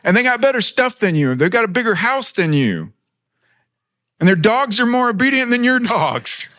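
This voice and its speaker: A man's voice: extremely high pitch, big pitch swings, normal speed, pushed and bright. Earnest man preaching a sermon. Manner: earnest, personal, conversational with humor. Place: church.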